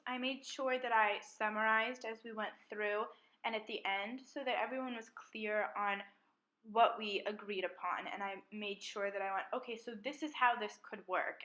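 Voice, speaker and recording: Calm, bright-voiced young woman reflecting. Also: fairly high pitch, rough recording. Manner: calm, measured and methodical. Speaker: student mediator. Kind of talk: spoken self-reflection on a mediation exercise.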